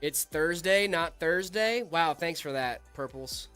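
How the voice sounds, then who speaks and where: Bright, lively young man hosting a stream. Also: on the high side, a little slow, smooth, soft background music. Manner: joking, reads out and answers chat. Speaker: stream co-host. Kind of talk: casual live-stream chat.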